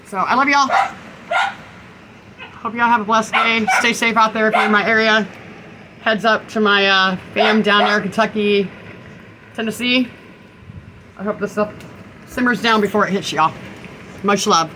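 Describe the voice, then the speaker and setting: A woman talks casually to her camera from inside an RV as a storm howls outside. Her voice is mid-pitched, and clear wind and rain noise sits behind her. She soothes her pets and reacts to every gust. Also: fairly even intonation, moderate pace, pauses often. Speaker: RV vlogger. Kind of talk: casual vlog narration during a storm. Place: in an RV during a windstorm.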